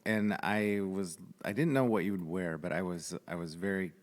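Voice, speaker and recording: A man hosting a casual interview podcast, halting and searching for words as he asks questions. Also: low voice, long reverb tail. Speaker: podcast host and photographer. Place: studio.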